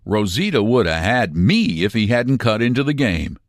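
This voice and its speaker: A man's voice: on the low side, sing-song, normal speed, no echo, studio quality. A man voicing a cold-blooded young male outlaw who speaks in a mild drawl, in a storybook reading. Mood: grim, brooding. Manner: soft drawling menace.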